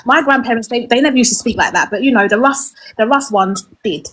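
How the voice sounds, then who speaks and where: A woman's voice: on the high side, quick pace, a bit bright. A woman of West Indian heritage arguing her point as a panel guest in a heated debate, insistent and asking "right?" often. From West Indian family in Britain.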